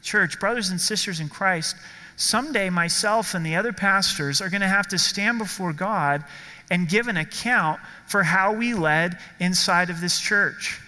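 A man preaches a sermon to his congregation, earnest and emphatic, leaning on repeated phrases. His voice sits high and sounds bright and forceful. The sound rings with the long reverb of a church sanctuary. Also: moderate pace. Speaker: pastor.

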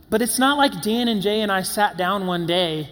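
A man in his twenties preaches in a loose, conversational way, full of filler words and playful asides. His voice sits a little high for a man. It rings out with a long echo, as if in a church hall. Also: a bit bright, a little hiss or hum. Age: 20s. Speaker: pastor. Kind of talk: sermon.

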